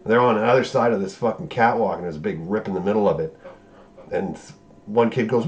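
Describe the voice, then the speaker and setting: A man's voice: fairly low pitch, animated, fast, darkish tone. A man giving a casual recap of a show episode, profane and sarcastic, breaking into incredulous outbursts. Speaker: show reviewer.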